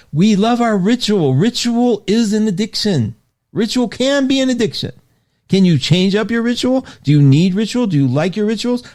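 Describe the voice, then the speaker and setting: A middle-aged man hosting an astrology show, chatting casually and reading out viewer comments with lively swoops of pitch and frequent laughs.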